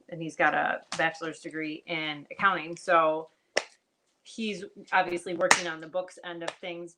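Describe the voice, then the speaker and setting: Bright-voiced chatty woman hosting a stream. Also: lowish voice, a little hiss or hum. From United States. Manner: chatty, greets viewers by name, laughs often. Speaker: livestream host. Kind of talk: casual livestream chat.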